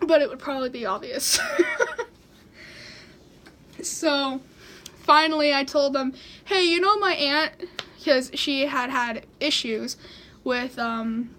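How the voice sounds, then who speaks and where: Casting note: teen girl vlogger, high bright voice, giggly and chatty. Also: slow, pauses often. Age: teens. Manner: laughing through her story, giggly. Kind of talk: casual storytelling.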